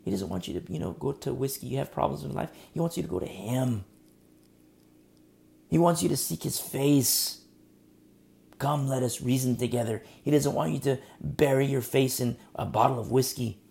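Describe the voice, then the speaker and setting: A male pastor preaching a sermon in an earnest, direct, confrontational way, swinging between soft near-whispers and loud emphatic lines. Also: mid-range voice, moderate pace, gravelly.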